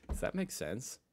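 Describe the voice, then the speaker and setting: An American man hosting a reaction video, commenting in a chatty, self-deprecating way as he thinks aloud. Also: a little hiss or hum. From United States. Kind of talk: casual commentary.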